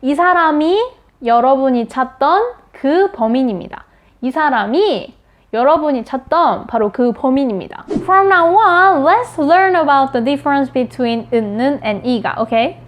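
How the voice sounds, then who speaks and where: Quick, high-voiced Korean teacher woman. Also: animated. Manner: repeats example phrases quickly and checks in with "okay?" and "right?". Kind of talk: explaining grammar with spoken example sentences.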